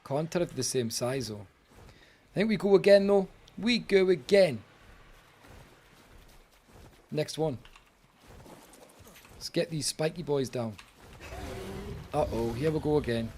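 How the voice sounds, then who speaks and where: A man's voice: a little high, animated, measured pace, long pauses, a little mellow, slight background noise. Chatty British man streaming a game. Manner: chatty, exasperated banter with viewers. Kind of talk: live gaming commentary.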